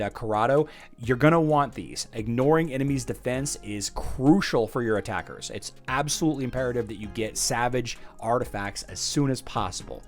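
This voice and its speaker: Eager man pitching a game. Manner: eager, rambling promo talk with restarts. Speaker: game channel host. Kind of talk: sponsored game guide.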